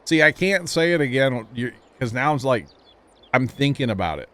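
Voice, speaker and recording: A man's voice: medium pitch, lively intonation, moderate pace, a bit bright. A man chatting casually with his viewers while streaming a game, talkative and self-teasing, laughing often.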